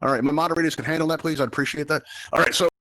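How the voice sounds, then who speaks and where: A man's voice: on the high side, steady tone, very fast, pushed and bright. A man hosting a live virtual game show, talking straight to his audience in a chatty, rambling showman manner.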